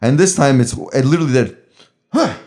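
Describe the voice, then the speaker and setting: A man's voice: mid-range voice, brisk. A man on a podcast telling rambling stories in casual chat, swearing and laughing as he goes. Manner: animated, swearing, laughing storyteller. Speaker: podcast co-host.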